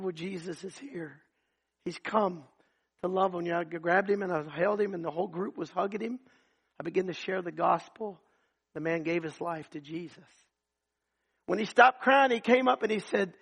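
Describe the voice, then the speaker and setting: Male preacher, sermon, high voice, gravelly fry, husky tone, loud then hushed. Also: moderate pace. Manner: swings from loud emphatic to hushed. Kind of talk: sermon with testimony stories.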